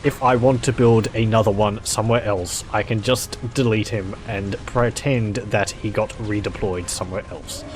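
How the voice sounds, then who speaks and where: A man's voice: on the low side, fairly even intonation, normal speed, hardly any pauses, noisy background. A man casually commenting on a strategy game, chatty and rambling, with jokey asides. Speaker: gameplay commentator.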